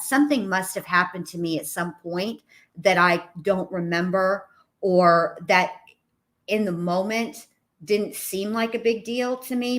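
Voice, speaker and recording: A woman's voice: medium pitch, a bit bright. A woman who hosts a YouTube channel, talking in a reflective, rambling way with frequent restarts. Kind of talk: casual conversation.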